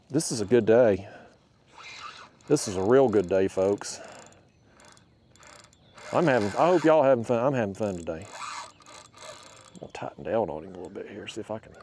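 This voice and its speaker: A man, chatting to his viewers in a folksy, excitable way while fishing from a small boat. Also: fairly low pitch, a little hiss or hum. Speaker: fishing vlogger. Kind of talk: casual narration while fishing.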